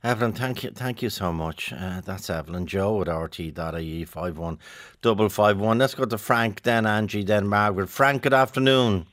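A man's voice: on the low side, moderate pace, few pauses, fairly bright tone, no echo. A man hosting a radio phone-in and giving callers brief, sympathetic prompts.

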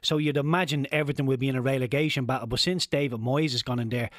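A man's voice: medium pitch, steady tone, fast talker, dry recording, studio quality. A man giving football punditry on radio, with stumbling restarts.

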